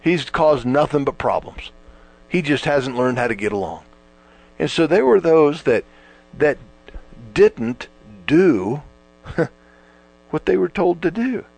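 Man, sermon, emphatic, very lively intonation, faint electrical hum. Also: on the high side, slow pace, gravelly, pauses often, no echo. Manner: emphatic, rising and falling with stretched words. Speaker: preacher. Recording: mains hum behind.

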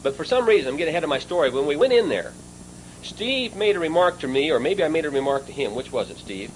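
An animated male preacher spinning a personal story from the pulpit, his voice sitting a little higher than most men's. He talks casually and turns aside to address a friend as he goes. A faint hiss sits underneath the recording. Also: fast, rough recording. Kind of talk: storytelling sermon.

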